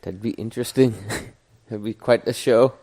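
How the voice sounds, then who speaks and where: A man's voice: medium pitch, steady tone, normal speed, dark tone. A young man co-hosting a podcast in casual chat, laid-back and giggly, often trailing off mid-sentence. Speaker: podcast co-host.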